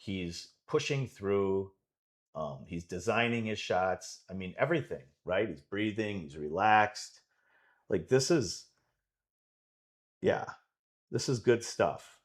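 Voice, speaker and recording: A man's voice: lowish voice, expressive, takes it slowly, long pauses. A man coaching and commentating a pool match live from his club, enthusiastic and rambling with many restarts.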